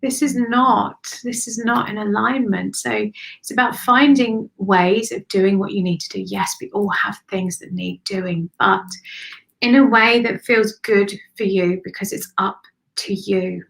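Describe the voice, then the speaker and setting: A woman's voice: medium pitch, fairly even intonation, a little slow, creaky, a bit bright. Effusive woman doing a spiritual reading. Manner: affectionate, calls listeners honey and darling; chatty and effusive, thinking aloud. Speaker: spiritual card reader and host. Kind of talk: live-streamed intuitive card reading.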